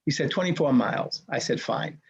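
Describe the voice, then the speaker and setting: Older guy in his 60s telling a story, husky voice, kinda muffled lo-fi sound, acts out all the back-and-forth. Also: fairly high pitch, brisk. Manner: punchy, animated retelling with quoted dialogue. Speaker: race director, guest. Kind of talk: dramatic personal storytelling.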